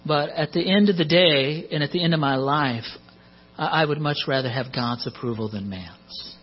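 A man's voice: a little high, moderate pace, husky. A middle-aged man preaching a sermon in a conversational way, with joking asides, on a muffled recording with mains hum.

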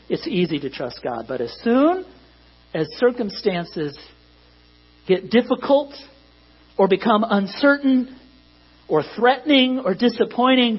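A man's voice: high voice, husky. A man preaching a sermon to a congregation in a conversational way that rises to emphatic peaks. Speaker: pastor. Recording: dull lo-fi recording with mains hum.

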